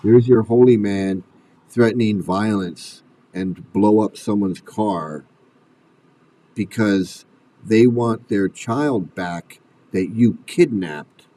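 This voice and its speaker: A man's voice: fairly low pitch, slow, warm tone, distant mic, rough recording. A man delivering an angry commentary rant, swearing and firing off furious rhetorical questions. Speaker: commentary video host.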